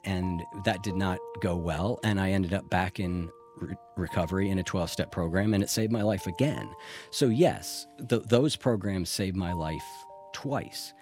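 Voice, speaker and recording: A man's voice: sits low, normal speed, a little mellow, faint music behind. A middle-aged man speaking candidly in an interview, reflective and earnest, with the odd restart. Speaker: interview guest in addiction recovery.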